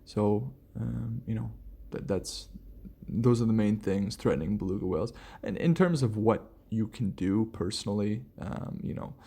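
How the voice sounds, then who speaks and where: Gravelly, low-key male podcast host. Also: normal speed, dark tone. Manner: rambling, many restarts and fillers. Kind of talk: relaxed solo podcast rambling.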